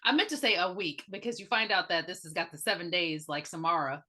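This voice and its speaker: Bright-voiced woman firing off questions. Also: on the low side. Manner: quick questions and joking interjections. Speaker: podcast co-host. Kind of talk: casual movie recap chat.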